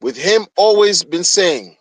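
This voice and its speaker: A man's voice: sits high, expressive, unhurried, dry recording, rough recording. A man streaming a heated solo rant, agitated and profane, often repeating himself.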